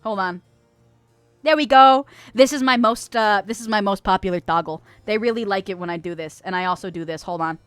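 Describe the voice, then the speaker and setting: A woman's voice: medium pitch, quick pace, few pauses, fairly bright tone, clean tone, no room sound, soft background music. A young woman from Las Vegas chatting casually on a livestream as a VTuber, giggling often, swearing casually and reading viewer messages aloud. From Las Vegas, United States. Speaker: VTuber streamer. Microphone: close studio mic.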